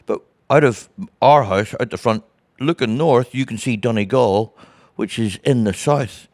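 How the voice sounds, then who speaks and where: A comedian from Northern Ireland, speaking with that accent, tells stories as a guest in a casual interview, animatedly acting out other people's voices. His voice is medium in pitch and unhurried. The recording is dry and studio quality.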